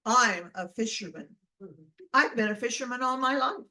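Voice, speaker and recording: A woman's voice: on the high side, bright, forceful tone. Older woman spinning a folksy tale. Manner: folksy, unhurried. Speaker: storyteller. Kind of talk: tall tale told over a video call. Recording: distant mic.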